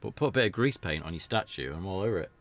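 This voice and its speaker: A man's voice: sits low, animated, racing, fairly bright tone. A British man giving rambling, jokey commentary while playing a video game. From Britain. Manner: rambling, chatty, jokey asides. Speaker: let's play streamer. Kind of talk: casual gameplay commentary.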